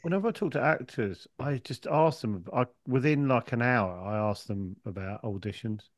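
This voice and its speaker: A man's voice: medium pitch, moderate pace, no echo. Podcast co-host guy, stop-start jokey rambling, dead dry close mic. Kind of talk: casual chat.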